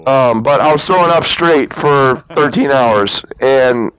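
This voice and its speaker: A man's voice: mid-range voice, a little slow, fairly bright tone, poor audio. A young man who tells a long story to camera in a loose, rambling way. He often laughs and acts out what he and others said. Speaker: motovlogger.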